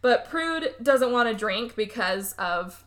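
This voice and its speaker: Female podcast co-host, casual recap chat, animated delivery, a bright voice sitting a little high. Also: slow. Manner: animated, laughs often, acts out the characters' lines.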